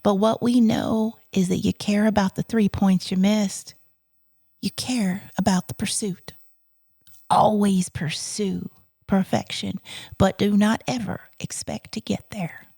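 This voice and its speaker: Woman voicing a warm veteran teacher, doting and emphatic, gravelly edge, dry close sound. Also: mid-range voice, steady tone, measured pace, no echo. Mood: encouraging. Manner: doting, emphatic, calls the child honey. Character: warm older woman schoolteacher, big-hearted, encouraging.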